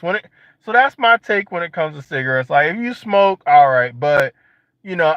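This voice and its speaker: A young man casually joking and riffing to his viewers in a vlog, slangy and animated. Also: high-pitched, dry recording. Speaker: vlogger. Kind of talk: casual monologue to camera. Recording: dull lo-fi sound.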